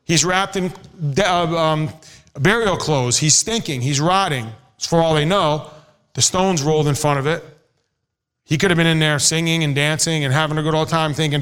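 A man's voice: fairly high pitch, a little fast, a bit bright, clean tone. A middle-aged male pastor preaching a sermon in a conversational way, acting out quoted voices. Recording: hall reverb.

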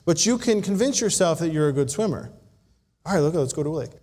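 Male preacher, somewhat high voice, animated sermon storyteller, recorded in a reverberant church hall. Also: fast.

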